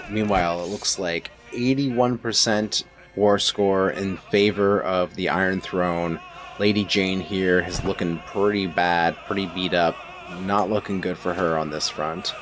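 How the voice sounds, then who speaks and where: Man, let's play commentary, deep voice, musing, faint music underneath. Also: steady tone, measured pace, a bit bright. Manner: musing, playfully villainous. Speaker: gameplay commentator.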